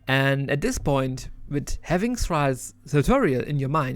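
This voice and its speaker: A man's voice: on the high side, big pitch swings, normal speed, hardly any pauses, dry recording. Chatty man reviewing a game. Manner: chatty and enthusiastic, with many restarts and some laughs. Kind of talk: casual spoken game review.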